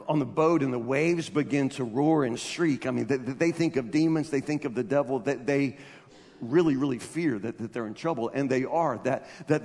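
A man's voice: a little high, darkish tone. A man preaching a sermon with emphatic delivery, often restarting and repeating words. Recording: long reverb of a large hall.

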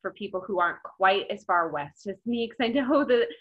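A woman's voice: mid-range voice, lively intonation, moderate pace, fairly bright tone, lo-fi sound. A woman in her thirties, a baker from Arizona, chatting casually as a podcast guest and laughing easily.

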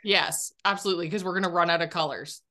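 A woman's voice: on the low side, sharp tone. Eager woman host in casual chat. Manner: eager, quick reactions and laughing agreement.

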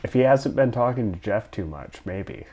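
A man with a low voice hosts a relaxed conversation with a friend. He mostly chimes in with short remarks, and he gets animated when he retells a story. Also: normal speed, breathy edge. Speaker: podcast host. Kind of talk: casual chat.

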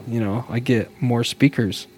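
A man's voice: medium pitch, fairly even intonation, a little slow, darkish tone. A man co-hosting a podcast in casual chat, upbeat and chatty, often laughing as he talks. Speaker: podcast co-host.

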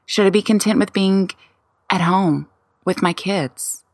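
A woman's voice: medium pitch, no room sound, studio quality. A woman in her forties hosting a solo podcast, firing off candid, wry rhetorical questions about herself. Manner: self-questioning, rapid-fire rhetorical questions. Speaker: podcast host.

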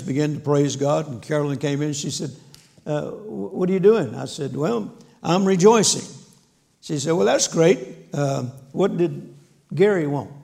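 A man's voice: on the high side, gravelly, a little mellow. A man preaching a sermon, telling a story with folksy humor and acting out the dialogue. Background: audience laughter.

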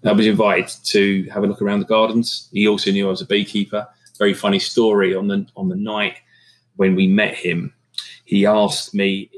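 Low-voiced man, relaxed and rambling. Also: moderate pace, husky, low-quality recording. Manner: relaxed, rambling, many fillers and restarts. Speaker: catering business owner. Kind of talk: casual interview talk.

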